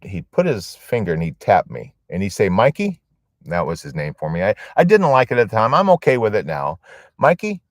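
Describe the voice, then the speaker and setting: A man delivers a storytelling sermon to a support group in a very low voice. He builds his points with emphatic phrasing and long dramatic pauses. The recording is dry and close. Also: dry recording.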